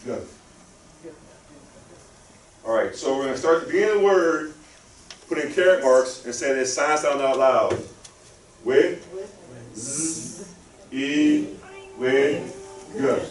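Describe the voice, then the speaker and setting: A man giving a live talk in a library, guiding the audience through a spelling drill in call-and-response style. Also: medium pitch. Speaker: guest speaker. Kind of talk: interactive spelling lesson. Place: library lecture room. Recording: roomy, from a distance, faint room hum.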